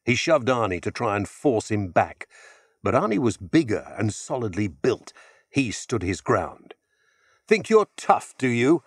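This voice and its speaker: A man reads an audiobook in a measured storytelling voice. His pitch moves in a lively, animated way, and the studio sound is close and dry with no room in it. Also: husky, no echo. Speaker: audiobook narrator. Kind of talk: scripted audiobook narration.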